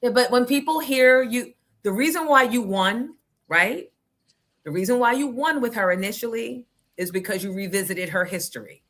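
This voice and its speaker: A woman's voice: a little high, moderate pace, a bit bright. A woman hosting a radio show, chatting casually, teasing and pushing her guest along, then speaking affectionately.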